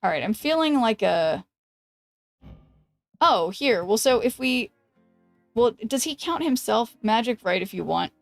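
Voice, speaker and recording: A woman streamer chatting casually while she plays a card game, thinking aloud and greeting viewers, with a voice that is going hoarse. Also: on the high side, very animated, unhurried, pauses often, no echo, studio quality, soft background music. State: losing her voice. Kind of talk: casual gameplay commentary.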